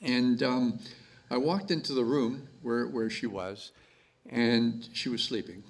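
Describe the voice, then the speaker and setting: A man from Canada speaking at his mother's memorial, halting and repeating words with many fillers. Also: mid-range voice, gravelly, poor audio. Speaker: son giving a eulogy. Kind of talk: memorial speech.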